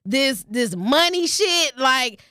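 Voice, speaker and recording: A woman's voice: sits high, expressive, slow pace, bright, forceful tone, clean tone, no room sound, studio quality. A woman vlogger who reads a short passage aloud, then rants casually and bluntly with plenty of swearing. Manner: profane, blunt storytelling with ranting asides. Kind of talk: casual storytelling vlog.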